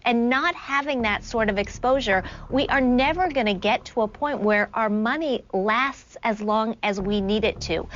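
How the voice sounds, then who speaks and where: A woman lays out her point in a measured, explanatory way on a television panel. Her voice is slightly high, and the broadcast audio is dull with a faint hiss. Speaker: panel guest. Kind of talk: TV panel discussion.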